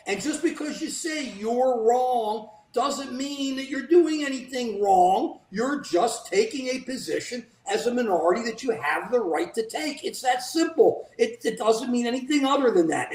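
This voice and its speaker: Indignant political commentator in an echoey room. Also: medium pitch. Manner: indignant, animated, mimics politicians in quoted asides. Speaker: co-host of a political livestream.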